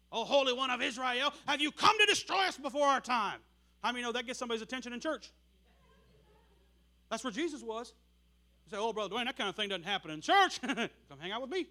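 A man preaching a sermon, telling stories with animated bursts of shouting. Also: sits high.

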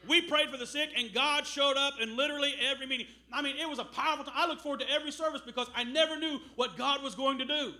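A middle-aged man preaching a sermon as a missionary, telling stories with loud bursts. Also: very high-pitched, quick pace, hardly any pauses. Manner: animated storytelling with loud bursts.

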